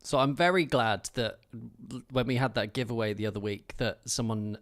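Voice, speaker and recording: A man talks over a live game stream, playful and teasing as he chats with viewers. His voice sits at an ordinary middle pitch. He is heard close on a streaming microphone. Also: moderate pace. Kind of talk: live gameplay commentary and chat.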